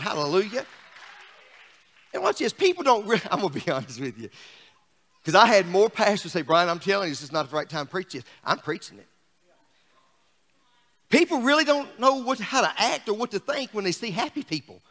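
Exuberant high-voiced preacher. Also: male voice, sing-song, fairly quick, long pauses, big-room sound. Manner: exuberant, swings from shouting to quiet asides. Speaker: pastor. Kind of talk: sermon. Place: church sanctuary.

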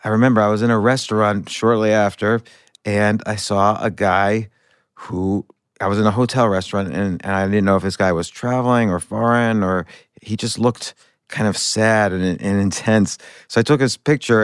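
A man's voice: fairly low pitch, fairly even intonation, normal speed, clean tone, no echo, clean studio sound. A middle-aged man hosting a podcast, telling a story in a rambling, self-correcting way. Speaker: podcast host. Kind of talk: casual conversational interview.

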